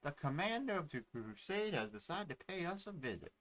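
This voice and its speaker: A man's voice: fairly high pitch, big pitch swings, a little fast, a bit bright, low-quality recording. A man voicing a proud, chatty young village woman who is the brother's sister.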